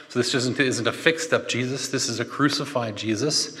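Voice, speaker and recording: A man preaching a conversational sermon, animated and chatty, with joking asides. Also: mid-range voice, a little fast, hardly any pauses. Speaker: pastor. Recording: long hall reverb.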